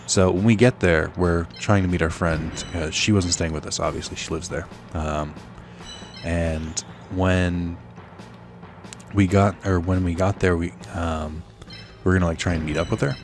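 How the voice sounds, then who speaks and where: A man's voice: low voice, steady tone, moderate pace, soft background music. A young man telling a rambling, sardonic story while playing a video game, full of fillers. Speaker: let's play host. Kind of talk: casual storytelling while gaming.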